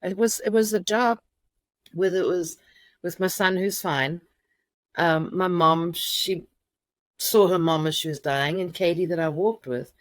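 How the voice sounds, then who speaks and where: A middle-aged woman telling a personal story as an interview guest, halting with many restarts. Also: on the low side, dry recording.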